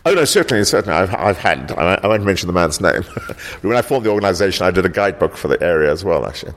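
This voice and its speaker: A man born in South Africa, founder of a local heritage group, answering interview questions in a halting way, repeating words and often ending with "actually". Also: low-pitched, animated, fairly bright tone, a little hiss or hum.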